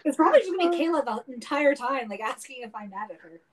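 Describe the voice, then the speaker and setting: A woman's voice: high-pitched, very animated, quick pace, slight background noise, low-quality recording. A woman co-hosting a podcast, teasing and giggling in casual chat.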